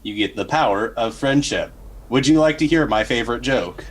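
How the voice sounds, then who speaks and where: A man playing a friendly android who speaks stiffly and formally, with a husky voice. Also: medium pitch, moderate pace, close to an everyday voice, low-quality recording. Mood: earnest. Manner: stiff, overly formal speech. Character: cheerful, formal male android.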